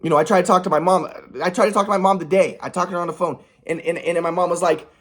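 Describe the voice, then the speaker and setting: Heated, rambling man with a husky voice. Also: high voice, fairly even intonation, very fast. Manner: rambling, repeats words and restarts; aggrieved, heated. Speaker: vlogger. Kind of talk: personal storytelling monologue.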